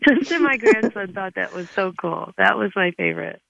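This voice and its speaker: Gravelly-voiced older woman guest. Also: medium pitch, expressive, no echo, muffled recording. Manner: halting, many restarts and soft laughs. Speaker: author guest. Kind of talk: casual interview answers.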